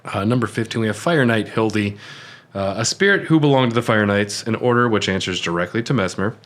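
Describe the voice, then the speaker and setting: Low-ish dude on a gaming podcast, reads item text then riffs, swears a bit. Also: male voice, brisk, fairly bright tone. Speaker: podcast co-host. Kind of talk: casual gaming podcast chat.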